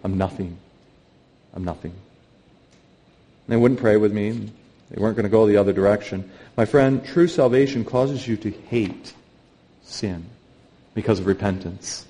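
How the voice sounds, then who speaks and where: Male pastor, middle-aged, sermon in a church, earnest, emphatic, swings from quiet to loud. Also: lowish voice, moderate pace. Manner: earnest preaching, rising to loud emphatic peaks. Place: church sanctuary.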